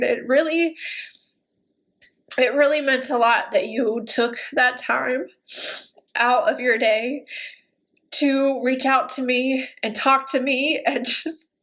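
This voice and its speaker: A woman's voice: high-pitched, fairly bright tone. A woman in her thirties, a beauty vlogger talking casually to camera, tearful and gushing with emotion.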